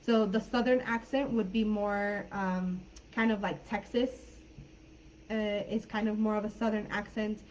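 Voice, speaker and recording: A woman's voice: medium pitch, fairly even intonation, measured pace, darkish tone, highs cut off, slight background noise. A woman with a Californian accent, an English teacher talking through a live online class in a friendly, chatty way with plenty of fillers.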